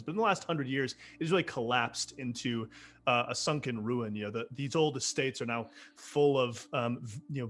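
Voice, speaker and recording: A man's voice: mid-range voice, a bit bright. Man narrating a tabletop game. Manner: casual, halting narration with fillers. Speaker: game master.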